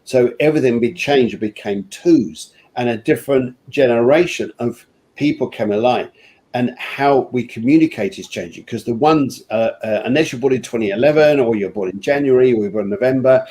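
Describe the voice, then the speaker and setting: A man co-hosts an online interview over a video call. He talks in a loose, rambling way and laughs easily. His voice sits at an ordinary middle pitch. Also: dark tone. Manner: rambling, chatty, quick to laugh. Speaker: co-host. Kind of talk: casual interview chat.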